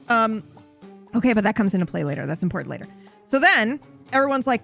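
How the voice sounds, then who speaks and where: A woman's voice: fairly high pitch, big pitch swings, fast, gravelly, pauses often, fairly bright tone, faint music behind. A woman streamer recapping a roleplay story in a chatty, profane way, often interrupting herself.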